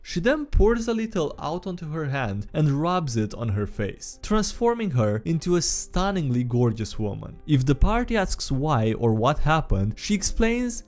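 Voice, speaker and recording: Animated man reading stories, laughing often. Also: fairly high pitch, normal speed, hardly any pauses, soft background music. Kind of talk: reading stories aloud with comments.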